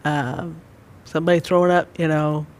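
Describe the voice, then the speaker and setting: A man leading a church Bible study, talking gently and rambling with many fillers. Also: on the high side, level tone, moderate pace. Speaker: church teacher.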